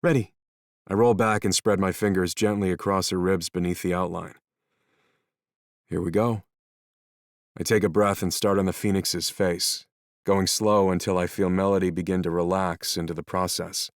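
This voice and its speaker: Deep, dry-voiced male narrator, calm and measured audiobook reading. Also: dry recording. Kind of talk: first-person scripted narration.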